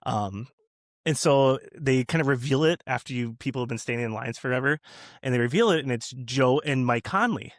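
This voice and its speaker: A man's voice: medium pitch, brisk, no echo, clean studio sound. Chatty man telling a rambling story. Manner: rambling storyteller, many restarts and fillers. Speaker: podcast guest. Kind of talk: casual podcast chat.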